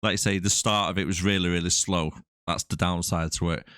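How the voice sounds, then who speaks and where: A man's voice: deep voice, fairly even intonation, a little fast, a bit bright, clear, resonant tone, no room sound, studio quality. A man co-hosting a movie podcast in casual banter, teasing and laughing often. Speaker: podcast co-host.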